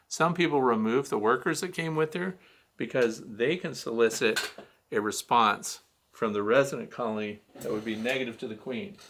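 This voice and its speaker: A man's voice: medium pitch, a bit bright. A man hosting a beekeeping Q&A, giving a blunt, teasing hands-on demonstration of gear. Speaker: beekeeping show host.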